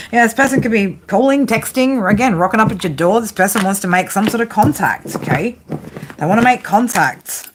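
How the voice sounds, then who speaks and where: A woman's voice: mid-range voice, expressive, a little fast, noisy background. A woman giving a casual tarot reading, blunt and profane, often breaking into laughter. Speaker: tarot reader.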